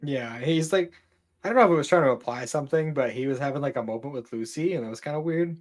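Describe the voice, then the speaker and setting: A man's voice: mid-range voice, quick pace. Laid-back man co-hosting a casual podcast. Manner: laid-back and candid, with casual swearing, stammered restarts and laughs. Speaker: podcast co-host. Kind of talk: casual chat.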